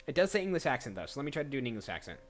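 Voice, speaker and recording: This voice actor streamer chats loosely with viewers while showing his voice work, often making jokes at his own expense. His mid-range voice is very animated and very fast, with faint music in the background of the casual livestream.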